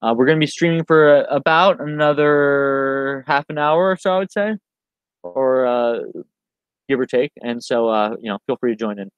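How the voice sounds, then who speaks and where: A man hosting a casual livestream interview, easygoing and quick to agree. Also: mid-range voice, clean tone, no room sound, muffled recording. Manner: easygoing, quick to laugh along. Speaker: livestream host.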